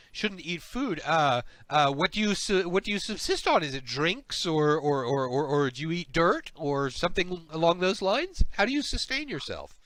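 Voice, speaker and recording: A man narrating a tabletop game as game master, stumbling along with plenty of "uh"s as he thinks aloud. His voice is bright and forward, recorded dry and close with no room sound. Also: on the high side, no room sound. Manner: rambling, hesitant, lots of uh.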